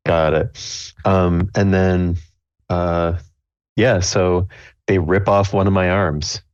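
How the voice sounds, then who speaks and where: Male player, very low voice, plain delivery, muffled dry recording. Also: fairly even intonation, takes it slowly, smooth, no room sound. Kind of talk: casual tabletop game talk. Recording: dull, lo-fi mic.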